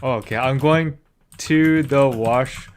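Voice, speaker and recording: A man's voice: mid-range voice, takes it slowly. A young man from Canada, teaching Korean in a casual, chatty livestream and laughing often. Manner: chatty, laughs often, reads chat aloud.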